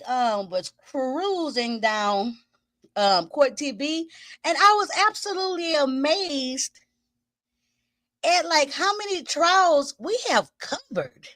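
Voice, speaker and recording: A high-voiced woman hosts a home livestream in a chatty, loose way. She greets her viewers by name and laughs often, and she sounds slightly winded. Her voice is recorded close and dry, with no room echo. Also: lively intonation, slow pace, fairly bright tone. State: a little winded. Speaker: host of a livestream commenting on trials. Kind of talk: casual livestream chat with viewers.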